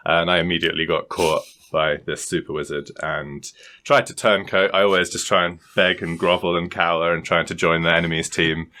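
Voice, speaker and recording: A man's voice: low voice, fairly even intonation, a little fast, bright, forceful tone. A man co-hosting a podcast, telling a rambling story in casual chat, swearing freely and laughing often. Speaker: podcast co-host.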